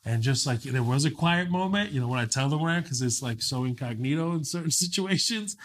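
A comedian in his forties, chatting as a guest in a casual interview and telling animated stories with swearing. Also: medium pitch, brisk. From Kuwait. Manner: animated storyteller, swearing, slipping into mock accents.

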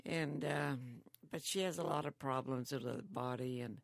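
An older woman living in a care home, chatting slowly and telling stories with frequent laughs. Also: extremely low pitch, gravelly, no echo. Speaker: interviewee, grandmother. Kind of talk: casual chat.

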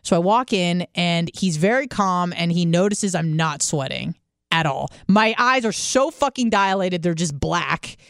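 Young woman storyteller, animated and profane, crisp tone, dry recording. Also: on the low side, unhurried, no room sound. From San Diego. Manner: animated, profane, quotes others. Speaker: guest telling a story. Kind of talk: casual storytelling.

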